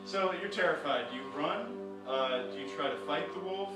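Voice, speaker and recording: At a live performance venue, a storyteller and comics reader narrates an interactive story to the audience, rambling playfully with fillers, restarts and joking asides. His fairly high voice is brisk and lively, with few pauses. He's recorded from a distance in an echoey room, with music present.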